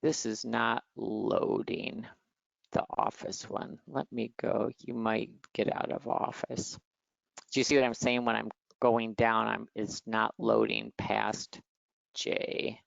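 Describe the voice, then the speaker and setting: A woman's voice: extremely low pitch, little pitch movement, slow, creaky, no echo. A woman from Michigan with a nasal Midwestern accent, teaching in a chatty, teasing, direct way on a video call. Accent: Midwestern American. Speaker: exam prep tutor. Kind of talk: online teaching session. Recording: muffled dry call audio.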